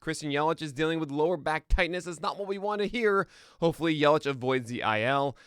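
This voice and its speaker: A man's voice: a little high, fast talker, a bit bright, smooth, dry recording, clean studio sound. A man hosting a morning podcast live on stream, chatting casually with his audience and then running through the day's news. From United States. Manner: chatty and self-deprecating, laughs at own jokes. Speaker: podcast host. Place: home studio, streaming live.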